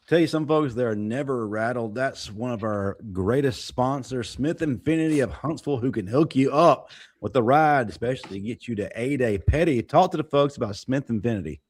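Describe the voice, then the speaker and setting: A man's voice: medium pitch, normal speed, few pauses. A man hosting a live sports talk show, upbeat and emphatic as he reads sponsor plugs and steers the panel. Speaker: show host.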